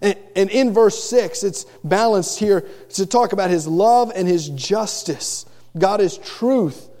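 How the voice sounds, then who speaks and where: This pastor, a middle-aged man, speaks high and slow with a dark tone as he earnestly preaches, habitually repeating the first word of each phrase. The sound carries the long echo of a big hall.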